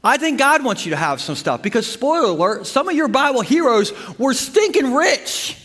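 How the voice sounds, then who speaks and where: High-voiced pastor preaching in a hall. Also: male voice, moderate pace. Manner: animated, humorous, with bursts of emphasis. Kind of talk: sermon with storytelling. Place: church sanctuary. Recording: long hall reverb from the church.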